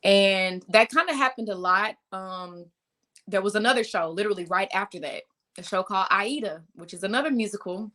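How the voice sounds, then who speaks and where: Bright, easygoing young woman singer. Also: medium pitch, brisk. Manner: relaxed and easygoing, with fillers. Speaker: guest singer. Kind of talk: casual interview answers.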